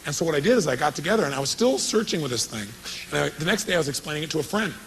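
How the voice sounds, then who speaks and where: A man's voice: a little high, expressive, very fast, a bit bright, slight background noise, rough recording. A man giving a live motivational seminar, telling a story with energy and quizzing his audience. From California. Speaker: motivational speaker.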